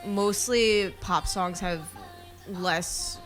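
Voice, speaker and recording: A woman's voice: mid-range voice, fairly even intonation, drawn-out words. Woman cohost chatting easy, lots of "like"s, mid voice, faint music under it. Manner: easygoing, filler-heavy with lots of "like". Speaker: podcast co-host. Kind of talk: casual chat.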